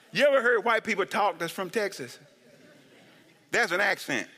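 A man's voice: high voice, measured pace, long reverb tail. A man preaching a humorous sermon, laughing often, whooping and calling for amens. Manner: animated, laughing, shouts of woo, asks for amens. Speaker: pastor.

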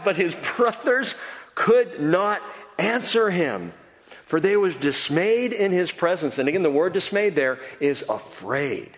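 A man preaching a sermon, earnest and emphatic, swinging between quiet and loud. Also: high-pitched, big pitch swings, moderate pace. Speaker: pastor. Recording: long hall reverb.

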